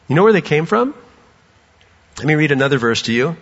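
A middle-aged man preaching a sermon as pastor, telling stories with lively animation and acting out voices. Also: a little high, fast, slightly rough. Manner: animated storytelling, acts out voices. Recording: dull sound with long hall reverb.

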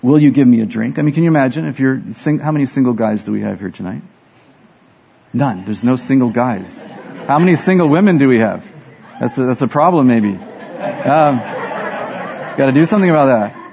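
A man's voice: mid-range voice, lively intonation, normal speed, creaky, long pauses, a little mellow, dull audio, some chatter behind, slight background noise. A man preaching a sermon as pastor, telling self-deprecating stories and acting out the dialogue.

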